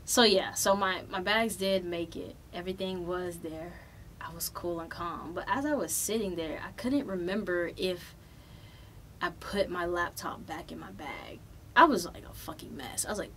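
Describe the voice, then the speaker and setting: A young adult woman hosting a podcast, telling a travel story in a loose, animated way with plenty of swearing. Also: on the low side, moderate pace, slight background noise. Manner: profane, animated, loose and chatty. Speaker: podcast host. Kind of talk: casual storytelling.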